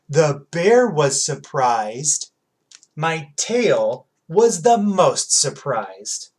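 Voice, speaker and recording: A man's voice: sits high, voice pushed up, full character voice, poor audio. A man reading as a hard-boiled cat detective. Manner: slow, dramatic hard-boiled storytelling. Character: streetwise cat detective narrating at night.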